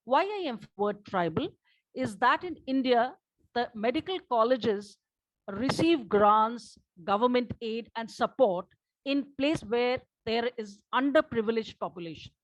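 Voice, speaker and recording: A woman presenting her research study at a conference, speaking in a measured way and asking for the next slide. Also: fairly high pitch, animated, no echo, rough recording.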